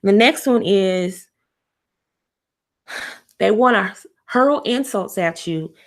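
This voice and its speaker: A woman hosting a casual livestream, giving relationship advice in an animated, conversational way, with fillers, repeats and sudden high mocking voices when she quotes people. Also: drawn-out words. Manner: conversational with frequent fillers and repetition.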